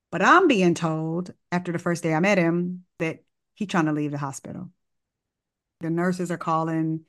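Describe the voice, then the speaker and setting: A woman doctor with a low, deep-set voice tells a story in easygoing, informal talk. She acts out the exchanges with the people in it and keeps a conversational pace. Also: a little slow. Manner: animated, acts out dialogue in the story; casual, informal wording.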